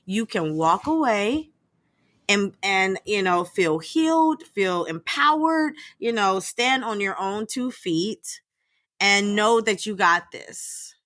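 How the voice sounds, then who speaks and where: Woman, therapist, podcast co-host, bright voice, dry close sound, chatty and animated. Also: mid-range voice, takes it slowly, no room sound. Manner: animated, chatty, laughs often, many fillers. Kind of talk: casual podcast chat.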